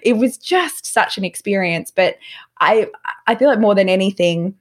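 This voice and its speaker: A woman's voice: mid-range voice, moderate pace. A woman guest on a podcast, telling a story casually and animatedly, filling her speech with "like". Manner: animated, filler-heavy with frequent "like".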